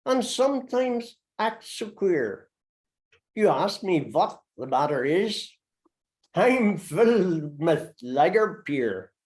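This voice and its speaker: A man's voice: high voice, pitched above the performer's own voice. A man reciting a dialect poem as a boisterous, tipsy German immigrant with a German accent, his voice rising and falling in a sing-song. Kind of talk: poetry recitation.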